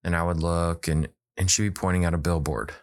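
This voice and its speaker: Man, children's book author, very deep voice, dry close sound, animated casual storytelling. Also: a little fast, no echo. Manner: animated, acts out quoted dialogue.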